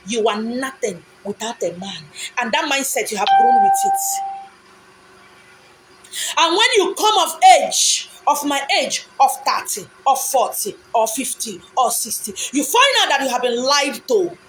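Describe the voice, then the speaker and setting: A woman with a Nigerian accent, speaking in a fairly high voice. She lectures with impassioned, insistent repetition and answers her own rhetorical questions. A faint background hiss sits under the voice. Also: expressive, measured pace. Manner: repetitive, insistent phrasing with pidgin asides. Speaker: speaker giving a monologue. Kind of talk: impassioned monologue.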